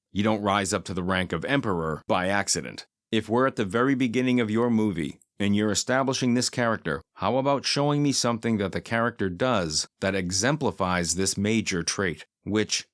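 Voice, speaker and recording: A man reviewing a film in a scripted monologue, with dry, sardonic humor and deadpan asides, slowing down to land his points. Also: fairly low pitch, no room sound.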